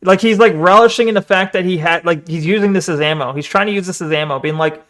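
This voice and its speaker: High-voiced sarcastic male streamer. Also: fast, hardly any pauses, fairly bright tone. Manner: sarcastic, mocking, laughs often. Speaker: streamer reacting to a video. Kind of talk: live reaction commentary.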